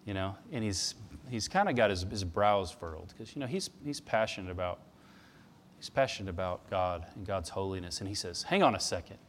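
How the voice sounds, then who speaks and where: A man's voice: low voice, expressive, normal speed. A man preaching a sermon, telling stories conversationally and pressing points with emphasis. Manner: conversational storytelling with emphatic passages. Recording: long reverb of a large hall.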